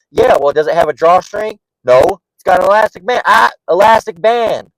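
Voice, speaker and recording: A man's voice: sits high, moderate pace, gravelly, few pauses, no room sound, poor audio. Blunt man teaching scripture, dry sound. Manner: emphatic, keeps checking in with "all right?"; blunt and mocking. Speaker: bible teacher. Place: near a parking lot.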